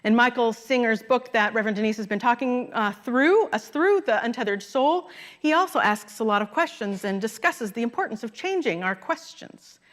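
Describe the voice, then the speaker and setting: A middle-aged woman minister gives a Sunday sermon in a church sanctuary, preaching in a relaxed, conversational way. Her voice sits a little high, and she pauses to laugh at her own anecdotes.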